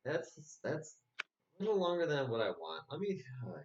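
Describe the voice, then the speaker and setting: A man's voice: on the high side, wildly swooping pitch, normal speed, a crowd in the background. A man casually commentating a replay of his own poker tournament, rambling with lots of fillers and restarts. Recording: dull, slightly muffled recording with faint noise.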